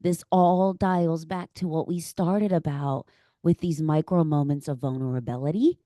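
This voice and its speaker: A woman with a notably low voice hosts a podcast conversation, gushing and openly emotional as she shares her own story. The sound is dry and close, with no room around it. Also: fairly even intonation, moderate pace, dark tone, dry recording. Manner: effusive and emotional, gushing praise. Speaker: podcast host.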